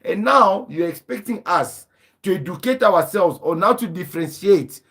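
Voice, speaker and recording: A man's voice: high voice, expressive, moderate pace, a bit bright, slightly rough. A man hosting a live stream, lecturing in a combative, repetitive rant. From southern Africa. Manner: combative, lecturing, repeats himself for emphasis.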